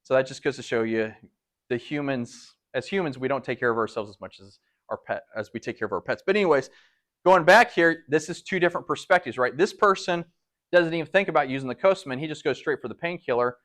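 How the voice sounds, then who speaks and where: A man giving a lecture to a live audience in a meeting room, animated and full of rhetorical questions. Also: mid-range voice, quick pace. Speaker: speaker at a public talk.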